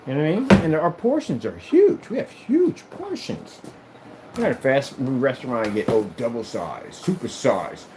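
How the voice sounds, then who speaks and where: A man's voice: mid-range voice, darkish tone, slight background noise, low-quality recording. A man chatting casually to camera in an emphatic, rambling way, often repeating himself. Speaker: vlogger.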